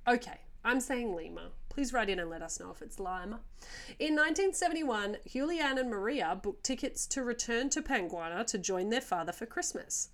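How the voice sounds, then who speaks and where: A woman's voice: fairly high pitch, animated, a little fast, hardly any pauses, fairly bright tone. Chatty woman telling a story on a podcast. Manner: chatty, joking asides, laughs easily. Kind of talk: casual storytelling podcast chat.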